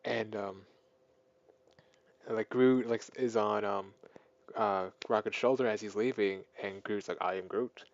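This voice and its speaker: A man's voice: fairly low pitch, unhurried, long pauses, dry recording, lo-fi sound. A man giving a casual spoken film review, rambling through the plot with lots of fillers and restarts. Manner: rambling, filler-heavy, excited plot retelling. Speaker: movie reviewer.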